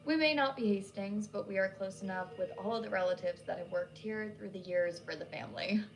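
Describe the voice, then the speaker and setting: A woman's voice: mid-range voice, a little fast, a little hiss or hum, close to an everyday voice, low-quality recording. A woman voicing a flustered, chatty nurse in her thirties who gushes apologetically, with faint music behind. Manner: gushing, apologetic, nervous laughs.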